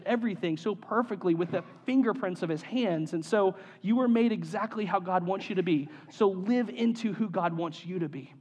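A man preaching a sermon in an earnest, emphatic way, often saying his main points twice. His voice sits high for a man. It carries a long reverb, as if he speaks in a big hall. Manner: earnest, repeats key phrases for emphasis. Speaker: pastor.

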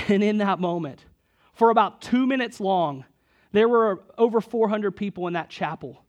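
A young man preaching a sermon, telling a personal story and building to loud, emphatic moments. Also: high voice, normal speed, highs cut off. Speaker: pastor.

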